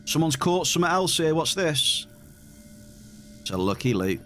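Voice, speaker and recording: A man's voice: a little high, very animated, normal speed, fairly bright tone, faint music behind. A man chatting casually with his live-stream viewers as he plays a game, teasing them with dry humor. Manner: dry teasing, banters with chat.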